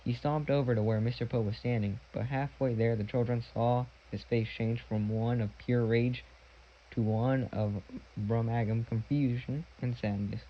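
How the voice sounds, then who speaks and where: A man reads a storybook aloud in a plain, even manner, sometimes stopping to restart a word. His voice sits at an ordinary middle pitch, and the recording sounds dull and lo-fi. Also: normal speed, slight background noise. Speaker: audiobook reader. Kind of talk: storybook narration.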